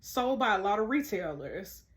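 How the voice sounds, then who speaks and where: A woman reading out a brisk, knowing analyst. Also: mid-range voice, sing-song, lightly acted. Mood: matter-of-fact. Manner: read aloud plainly, explanatory.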